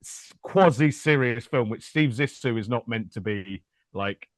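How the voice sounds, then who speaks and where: A man co-hosting a casual film podcast, jokey and quick to slip into mock voices. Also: mid-range voice, no room sound. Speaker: podcast co-host.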